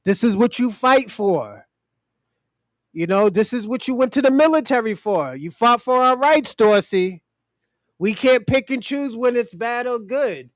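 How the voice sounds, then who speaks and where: A man's voice: very high voice, lively intonation, a little slow, no room sound, clean studio sound. A man hosting a podcast who gives blunt, profane opinions in casual talk and speaks straight to his co-hosts. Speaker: podcast host.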